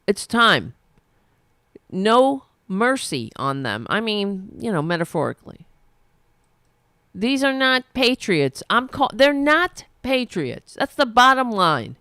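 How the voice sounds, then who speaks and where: Animated, profane woman ranting. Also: mid-range voice, smooth, dry recording, clean studio sound. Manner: profane, sarcastic and indignant. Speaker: political commentary host. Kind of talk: angry political rant to camera.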